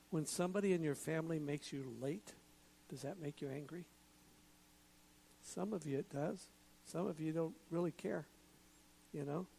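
Guy preaching a sermon, husky and kinda raspy, chatty, cracks jokes. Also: a little high, darkish tone, poor audio. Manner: conversational preaching with jokes and asides. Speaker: pastor.

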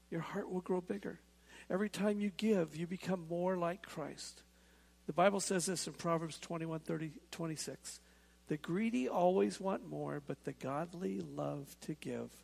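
A gravelly, husky male pastor preaching a sermon. His voice sits a little higher than most men's, and he presses his points with repetition and quick asides to the congregation. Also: a little mellow.

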